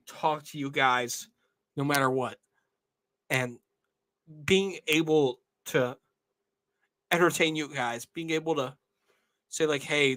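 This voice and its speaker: Young male host, slow and earnest, bright tone, emotional address to viewers. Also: on the high side. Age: 20s. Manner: earnest, repeats "all right?". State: emotional, tearing up. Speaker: channel host. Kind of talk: casual monologue to viewers.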